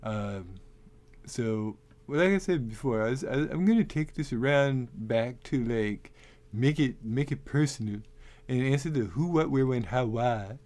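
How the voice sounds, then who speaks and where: A man hosting a casual talk, rambling and animated with many restarts. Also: mid-range voice, measured pace. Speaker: host. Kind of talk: casual talk on making tabletop game characters.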